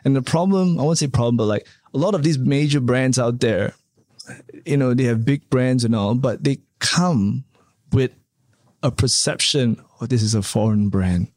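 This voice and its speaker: A man's voice: mid-range voice, moderate pace, darkish tone, no echo, clean studio sound. A man being interviewed in a casual chat, rambling with many fillers and tag questions. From Canada. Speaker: interview guest, hotel developer.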